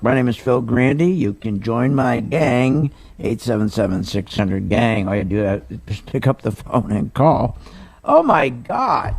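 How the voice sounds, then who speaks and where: A middle-aged man hosting a talk radio show, ranting indignantly and incredulously with plenty of rhetorical questions. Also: medium pitch. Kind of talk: animated talk radio monologue.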